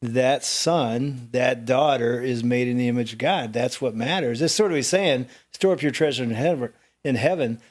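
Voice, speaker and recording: Middle-aged male co-host, animated storyteller with an average-pitched voice. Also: moderate pace. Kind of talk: casual chat.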